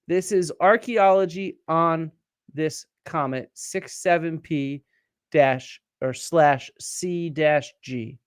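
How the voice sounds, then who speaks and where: A man's voice: fairly high pitch, dry recording, clean studio sound. A man hosting a live-streamed archaeology lecture, explaining step by step, quizzing viewers and answering their comments. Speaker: archaeologist host.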